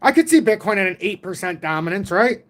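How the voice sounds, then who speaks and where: A man in his forties hosting a casual livestream about crypto charts, talking in an excitable, rambling way from home. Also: high-pitched, quick pace. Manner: rambling, excitable, self-taught trader talk.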